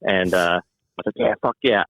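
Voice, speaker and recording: A man from New Jersey and New York City, a guest musician telling animated stories in casual chat and swearing freely. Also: low-pitched, normal speed, no echo, low-quality recording. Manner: animated storyteller, acts out quoted voices, swears freely.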